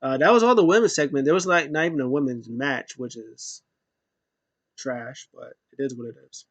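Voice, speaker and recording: A man's voice: medium pitch, normal speed, dry recording. A man giving a loose, rambling recap of a wrestling show, full of fillers and asides. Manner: rambling, filler-heavy retelling. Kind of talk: casual recap chat.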